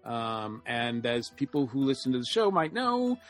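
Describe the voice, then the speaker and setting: A man co-hosting a podcast, speaking casually with many halting ums. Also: medium pitch, big pitch swings, soft background music. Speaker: podcast co-host. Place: Atlanta area.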